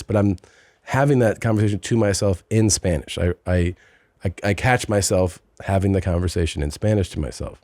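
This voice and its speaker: A man's voice: deep voice, brisk, a little mellow, no room sound, clean studio sound. A man hosting a podcast, telling a long story in casual chat and slipping into mocking voices. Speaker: podcast host.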